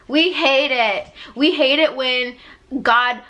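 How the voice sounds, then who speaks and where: Woman life coach, high and bright, preaching motivation in a chatty, emphatic way. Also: takes it slowly. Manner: emphatic and preachy, acting out God's voice with loud high swoops; repetitive, conversational, with frequent "like". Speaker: life coach and podcast host. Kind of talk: motivational spiritual talk.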